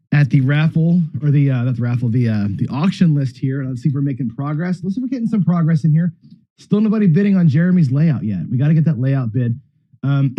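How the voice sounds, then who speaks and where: A man hosting a live gambling charity stream, rambling casually and clearing his throat as he talks. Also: medium pitch, no room sound. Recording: dull, dry lo-fi stream audio.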